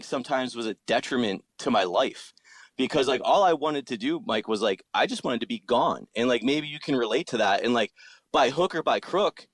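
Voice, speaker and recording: A man's voice: medium pitch, fairly bright tone, no echo, poor audio. A man in his thirties talks in loose, casual chat, swearing freely and slipping into quoted voices as he goes. His delivery rises and falls a lot. The sound is dry and close, with no room around it. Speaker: podcast guest, musician.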